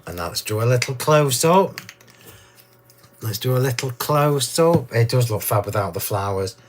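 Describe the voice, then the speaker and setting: Hoarse, gushing craft-demo man. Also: fairly low pitch. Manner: chatty, gushing, enthusiastic. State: hoarse, losing his voice. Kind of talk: live card-making demonstration.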